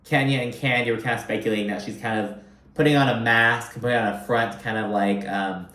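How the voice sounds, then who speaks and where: A man hosts a casual reality TV recap, talking in a loose, animated and profane way. His voice sits at a middling pitch. The recording carries a noticeable room echo. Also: fast talker. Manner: profane, animated, chatty, often acts out quotes. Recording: echoey room.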